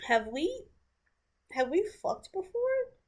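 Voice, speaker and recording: A man's voice: high voice, steady tone, unhurried. A woman mocking a sleazy, pushy young man. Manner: mocking funny voice.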